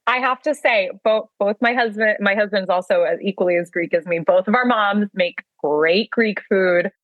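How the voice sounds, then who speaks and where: A woman's voice: mid-range voice, a little slow, no room sound, narrow, tinny audio. A middle-aged woman, a guest on a podcast, chatting casually and laughing often as she talks. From United States. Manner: warm, laughs often while talking.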